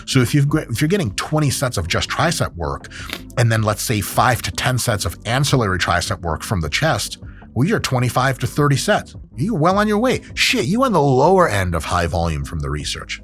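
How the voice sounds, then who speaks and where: Over soft background music, a man with a medium-pitched voice talks fairly quickly as he hosts a fitness commentary. An exercise scientist, he jokes and swears casually while explaining training and doing a comic ad read, all in an animated style.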